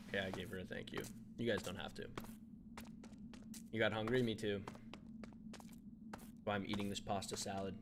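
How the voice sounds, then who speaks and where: A man's voice: lowish voice, steady tone, fairly quick, long pauses, background noise. Chatty young man streaming. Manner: chatty, laughs often, reads chat aloud. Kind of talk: casual live-stream chat while gaming.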